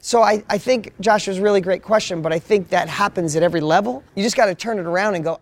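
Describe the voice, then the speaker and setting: High-voiced energetic man. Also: fast talker, hardly any pauses. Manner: energetic, storytelling, repeats words when excited. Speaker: business coach. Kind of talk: motivational panel talk.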